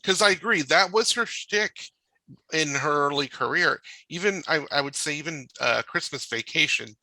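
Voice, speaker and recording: Guy cohost on a podcast, higher voice, kinda gravelly, jokey. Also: sharp tone, dry recording. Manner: playful and jokey, quick asides. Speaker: podcast co-host. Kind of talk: casual podcast chat.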